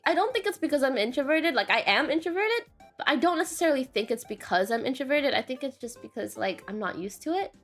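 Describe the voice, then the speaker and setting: A woman streamer chatting casually and rambling, often saying "question mark" and laughing. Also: fairly high pitch.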